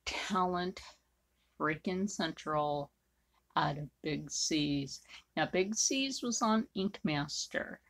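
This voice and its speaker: Blunt, rambling woman artist with a low voice and slow delivery. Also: creaky, fairly bright tone. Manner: blunt, rambling, frequent fillers. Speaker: artist drawing on camera. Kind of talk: casual chat while drawing.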